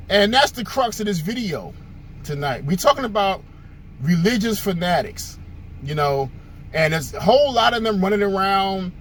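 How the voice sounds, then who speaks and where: Lively high-voiced male host. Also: normal speed, slight background noise. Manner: conversational, storytelling, with fillers. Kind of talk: casual monologue commentary.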